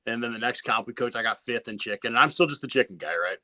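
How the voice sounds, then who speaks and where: A man's voice: mid-range voice, lively intonation, fast talker, bright, forceful tone, dry recording. A man who competes in barbecue, telling his story to a podcast host in a laid-back way, swearing freely and often restarting his sentences. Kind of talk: casual storytelling interview.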